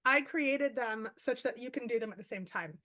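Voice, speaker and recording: A woman author on a video call, telling stories quickly and animatedly with lots of fillers. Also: on the high side. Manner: fast, animated storytelling with many fillers. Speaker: author guest. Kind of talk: casual chat.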